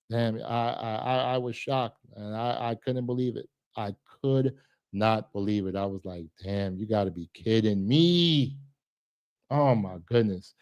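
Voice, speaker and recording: Emotional New man on a live stream, mid-pitched, dry close sound. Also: clear, resonant tone, no room sound. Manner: emotional, repeats words, swings from hushed to loud. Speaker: live stream host reacting to news. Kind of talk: casual live reaction commentary.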